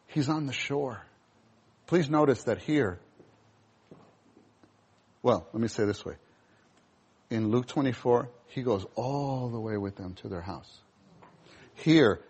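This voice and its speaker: A male preacher giving a sermon, animated, acting out scenes in voices. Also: medium pitch, a little slow, pauses often, husky.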